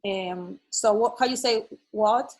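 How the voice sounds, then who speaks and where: Woman, online teacher, husky, mid-pitched, patient, checks for understanding. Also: slow, darkish tone, poor audio. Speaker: Spanish teacher. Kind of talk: online language lesson.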